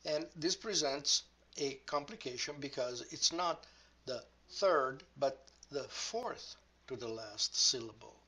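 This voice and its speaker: A man teaching a grammar lesson, speaking deliberately and modelling each example word aloud. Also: medium pitch, animated, pushed and bright, husky. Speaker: language teacher.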